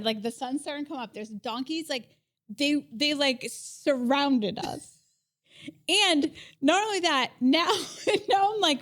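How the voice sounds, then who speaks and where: A woman in her thirties tells a story on a casual podcast, animated and quick to laugh. Her voice sits a little high. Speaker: podcast co-host. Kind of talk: casual chat.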